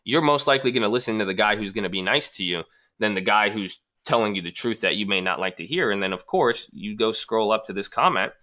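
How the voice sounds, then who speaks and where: A man's voice: lowish voice, fast talker, bright, forceful tone. A man hosting a trading channel, casually arguing back at viewer comments he reads aloud. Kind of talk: casual talking-head response video.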